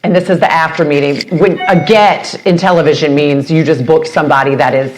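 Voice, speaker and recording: A woman chatting as a podcast guest. She tells stories with energy and jumps into high, bright voices when she quotes other people. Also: fairly quick. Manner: animated storyteller, acts out quotes with big pitch jumps. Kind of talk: casual chat.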